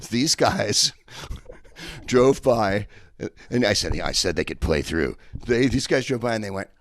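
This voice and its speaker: A rambling San Francisco stand-up comedian performs a set from home over a video call, speaking through an earpiece headset. His lowish, expressive voice goes slowly with frequent pauses, digressions, and fillers. The sound is clean, studio-like, and free of echo.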